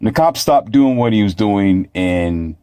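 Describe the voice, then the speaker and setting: A man's voice: on the low side, expressive, unhurried, mellow, clear, resonant tone, no echo. A man telling a story in a blunt, preachy monologue that repeats itself. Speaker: vlogger.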